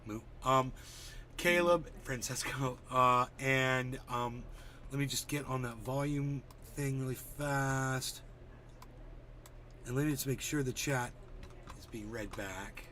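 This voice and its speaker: A man's voice: medium pitch, steady tone, slow, pushed and bright, a little hiss or hum. A man hosting a casual livestream, chatty and a bit distracted as he greets viewers by name while fixing his settings. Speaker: livestream host.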